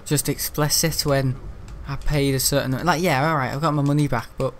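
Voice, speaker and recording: A man's voice: mid-range voice, fairly even intonation, moderate pace, a little hiss or hum. A man chatting casually on a gaming livestream, rambling and grumbling between frequent laughs. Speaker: gaming live streamer. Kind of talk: casual livestream chat while playing.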